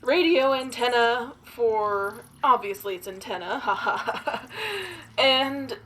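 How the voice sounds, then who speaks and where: A woman's voice: fairly high pitch, slow, fairly bright tone. A woman playing a tabletop role-playing game, narrating her character's actions in a playful, improvising way. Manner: playful, giggly, improvising aloud. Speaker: player.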